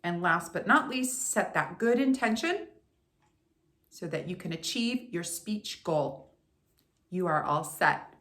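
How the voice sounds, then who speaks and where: A woman voice coach guiding a speaking warm-up in an upbeat, encouraging way, talking straight to the listener. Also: fairly low pitch, expressive, takes it slowly, long pauses. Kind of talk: guided warm-up instruction.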